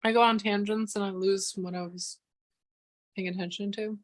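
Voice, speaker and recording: A woman's voice: medium pitch, fairly even intonation, normal speed. A young woman chatting casually to her livestream audience, rambling off on tangents and breaking into exasperated, swearing rants.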